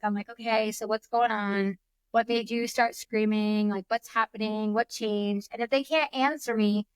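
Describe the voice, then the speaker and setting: A woman's voice: medium pitch, no room sound. A woman in her thirties, a breathwork coach as a podcast guest, talking in a casual, chatty way full of "you know" and "like". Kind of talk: casual conversational interview.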